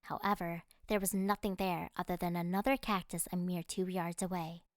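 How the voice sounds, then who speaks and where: A woman narrating a first-person fantasy audiobook in an expressive, dramatic way. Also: fairly low pitch, normal speed, no room sound, studio quality.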